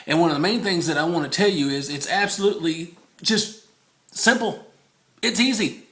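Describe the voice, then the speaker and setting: A man's voice: high voice, moderate pace, fairly bright tone. A man chatting casually through a home cooking video, rambling, easily distracted and laughing often, repeating the recipe in a sing-song.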